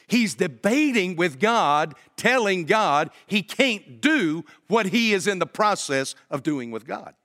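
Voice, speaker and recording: A man's voice: sits high, sharp tone. A man preaching a sermon as pastor, talking to the congregation in a conversational way and asking rhetorical questions. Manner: addresses congregation directly.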